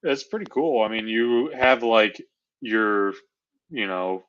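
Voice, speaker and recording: A man co-hosting a live basketball watch-along, talking in a relaxed, filler-heavy way. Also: on the low side, slow, muffled recording. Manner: laid-back, drops his voice, many fillers. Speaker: co-host. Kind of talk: casual watch-along chat.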